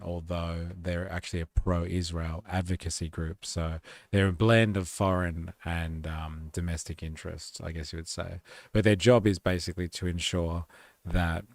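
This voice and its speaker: Male streamer, very low gravelly voice, dry close sound, casual and sweary. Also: level tone, normal speed, dry recording. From Australia. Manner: casual, swearing, reading chat aloud. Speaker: live stream host. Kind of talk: casual live stream commentary.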